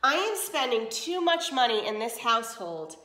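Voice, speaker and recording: A woman's voice: on the high side, big pitch swings, moderate pace, bright, forceful tone, roomy sound. A woman doing a cold, haughty stepmother. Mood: scornful. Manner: icy and scornful.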